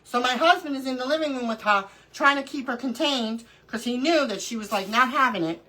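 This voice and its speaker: Bright, animated woman telling stories. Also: sits high, a little fast, rough recording. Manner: animated storyteller, laughs often. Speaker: craft livestream host. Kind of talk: casual chat during a live crafting stream.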